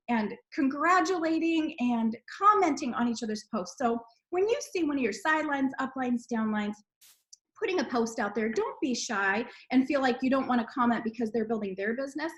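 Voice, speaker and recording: A woman leads a team sales call over video. Her high voice is gushing and encouraging, full of praise for her team.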